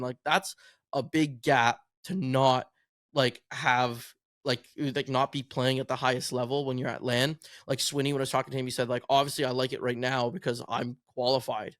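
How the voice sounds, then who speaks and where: A podcast co-host and content creator, this man has a medium-pitched, slightly bright voice with fairly even intonation and a moderate pace. He chats casually about esports and rambles through stories, captured in a dry, clean studio recording.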